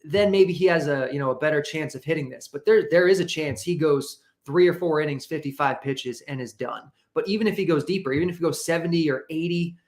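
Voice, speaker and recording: A man's voice: fairly high pitch, a little mellow. Thoughtful man explaining betting analysis. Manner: thinks aloud with fillers, measured and reasoning. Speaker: analyst guest. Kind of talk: casual analytic chat.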